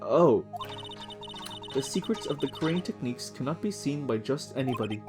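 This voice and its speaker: A man's voice: medium pitch, expressive, moderate pace, music in the background, close to an everyday voice. Man playing a starchy, formal older lady medium, prim and cold. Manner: stiff, overly polite, formal. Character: stern formal older woman, spirit medium. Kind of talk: reading game dialogue aloud on stream.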